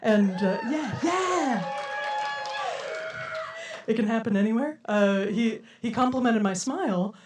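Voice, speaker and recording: A woman's voice: a little high, lively intonation, slow pace, long pauses, distant mic, very noisy. A young woman performing a stand-up comedy set for a live audience, with a playful, giggly delivery and frequent laughs.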